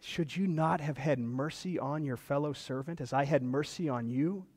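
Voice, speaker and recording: A man's voice: a little high, normal speed, a little mellow, slightly rough, in a large hall. A man voicing a stern wealthy master from a parable within a sermon, commanding in tone.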